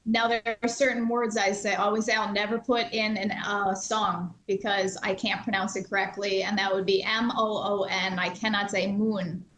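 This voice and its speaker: A woman's voice: mid-range voice, level tone, normal speed, hardly any pauses, fairly bright tone, roomy sound, poor audio. A woman from Chicago with an Upper Midwest accent, a musician guest chatting casually and laughing easily. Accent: Upper Midwest (Chicago and Wisconsin). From Chicago, USA. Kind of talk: casual interview chat.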